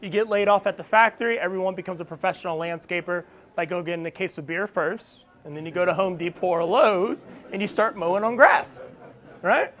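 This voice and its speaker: Man, high voice, animated storyteller, laughs often, founder talk at an event. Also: a little fast. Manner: animated, laughing, acts out quotes. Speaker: startup founder speaker. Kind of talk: storytelling talk to a live audience. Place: event venue with audience.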